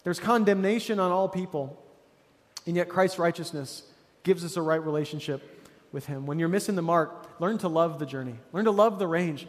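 A man's voice: a little high, normal speed, big-room sound. A man preaching a sermon as a pastor, casual and conversational, with frequent restarts and an encouraging tone.

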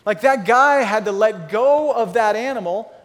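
A man pastor giving a conversational sermon, telling Bible stories in a casual, animated way. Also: high voice, moderate pace, long reverb tail. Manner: conversational storytelling, acting out Bible characters.

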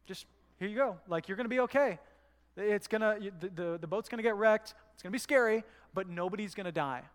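Speaking fast and high-pitched in a large hall, a pastor preaches in his church with an easygoing, conversational manner. He tells stories and performs the quotes within them.

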